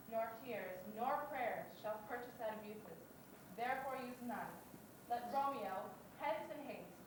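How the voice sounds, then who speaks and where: A girl playing a stern prince. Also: high-pitched. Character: stern ruling prince passing sentence. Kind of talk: school stage play. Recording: echoey hall, far from the mic, noisy.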